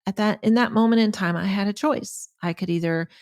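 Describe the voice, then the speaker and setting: A woman's voice: medium pitch, a little fast, darkish tone, no echo, clean studio sound. A woman guest on a podcast, telling a story from her marriage in an earnest, reflective way. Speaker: podcast guest, relationship author.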